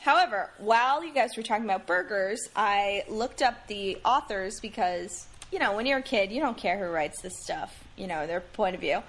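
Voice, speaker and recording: A woman co-hosting a casual podcast chat, talking in a chatty, hesitant way with many pauses and small laughs. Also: medium pitch, animated, a bit bright. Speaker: podcast co-host. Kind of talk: casual chat about books.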